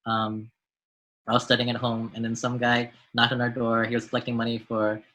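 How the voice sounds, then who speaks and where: Bright-voiced American man recalling. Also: medium pitch, completely flat delivery, rough recording. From United States. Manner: reflective, halting with repeated words. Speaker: guest, doctor and mentor. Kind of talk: podcast interview.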